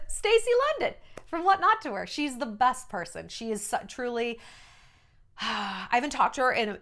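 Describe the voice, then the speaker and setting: A woman in her thirties, once an entertainment journalist, talks through celebrity stories in a casual, blunt monologue. Her fairly high voice swings widely in pitch as she mocks the people she quotes. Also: fairly bright tone. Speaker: vlogger and former entertainment journalist.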